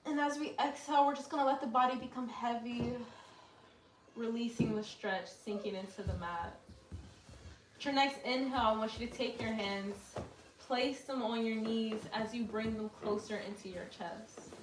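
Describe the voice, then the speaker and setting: Woman yoga teacher, laid-back cueing with jokey asides; slightly high voice; distant mic, roomy echo. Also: normal speed. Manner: relaxed, joking asides to viewers. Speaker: yoga instructor. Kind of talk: casual guided yoga class. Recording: echoey room, mic far off, faint noise.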